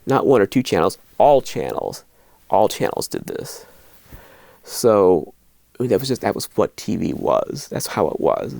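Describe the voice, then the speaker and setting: Deep gravelly man, animated. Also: a little slow, no echo. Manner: rambling and animated, with frequent restarts. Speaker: horror video host. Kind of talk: casual to-camera commentary.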